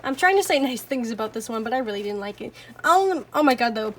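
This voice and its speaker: A woman's voice: on the high side, lively intonation, fast. A woman reviewing anime in a casual, rambling rant, swearing often, apologizing and laughing between thoughts. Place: home.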